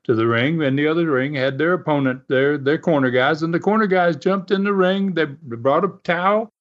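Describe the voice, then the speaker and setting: A man's voice: on the high side, moderate pace. A man telling wrestling stories on a podcast in a casual, rambling way, full of fillers and restarts. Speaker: podcast co-host and storyteller. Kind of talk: casual storytelling. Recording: dull lo-fi sound.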